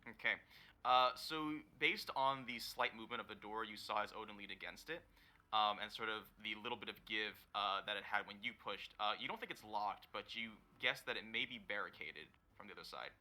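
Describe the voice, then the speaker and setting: Bright-voiced male dungeon master, halting. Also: lowish voice. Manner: hesitant, many fillers while narrating. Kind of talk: narrating a tabletop game.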